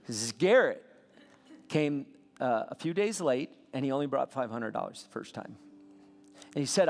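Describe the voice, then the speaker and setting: Gravelly pastor guy preaching, big loud bursts then quiet bits, long hall echo. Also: medium pitch, moderate pace. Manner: animated storytelling with sudden loud peaks. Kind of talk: sermon. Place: church sanctuary.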